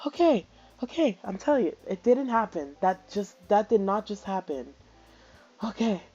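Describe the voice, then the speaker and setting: A woman's voice: medium pitch, sing-song, normal speed, mellow, breathy edge, highs cut off. A young woman playing a horror game, reacting with panicky swearing and frequent shrieks. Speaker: let's play gamer. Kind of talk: let's play reaction commentary.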